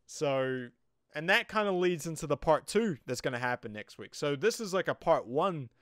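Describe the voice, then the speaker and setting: A man's voice: on the high side, animated, moderate pace, no echo, clean studio sound. A young man with a New Zealand accent rambles casually through an episode review, full of fillers. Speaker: show reviewer.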